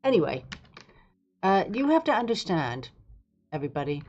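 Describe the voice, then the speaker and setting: A woman's voice: fairly low pitch, sing-song, moderate pace, darkish tone, muffled recording, slight background noise. A woman hosting a live stream, talking in a rambling, sarcastic, digressive way. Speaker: livestream host. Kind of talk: casual live-stream commentary.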